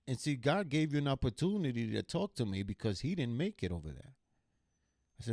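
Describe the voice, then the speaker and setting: A man's voice: mid-range voice, big pitch swings, fairly quick, darkish tone, dry recording, clean studio sound. A man hosting a reaction video, commenting casually and telling a story, checking in with viewers with "okay?". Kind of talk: casual commentary over footage.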